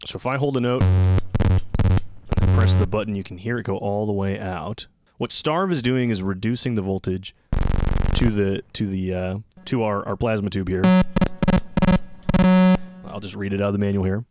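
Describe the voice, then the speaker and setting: Low-voiced man demoing gear casually. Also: moderate pace, long pauses, loud music behind the voice. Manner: relaxed, loose, self-interrupting explainer. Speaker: synthesizer demo host. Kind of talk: casual hands-on gear demonstration.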